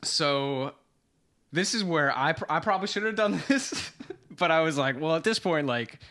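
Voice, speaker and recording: Bright-voiced man telling a story. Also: on the high side, normal speed. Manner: animated storyteller, swears casually, acts out quotes. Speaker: podcast co-host. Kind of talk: casual storytelling chat.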